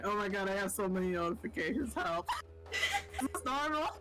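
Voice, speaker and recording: Stream guest, casual chat, bubbly, laughs a lot, rambling, lively swooping pitch, faint music behind. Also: moderate pace, low-quality recording. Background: faint background music.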